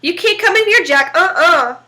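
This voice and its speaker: A blustering storybook devil, as a woman reading aloud puts him on, loud and raised high, with a folksy drawl. He begs and barks by turns. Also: lively intonation, moderate pace, heavily acted. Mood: gruff. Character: blustering male devil, pleading then gruff.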